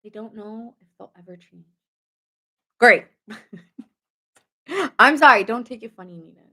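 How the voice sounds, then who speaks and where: A woman's voice: on the high side, unhurried, sharp tone. A woman giving a casual late-night tarot reading, chatty and goofy, joking often. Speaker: tarot reader.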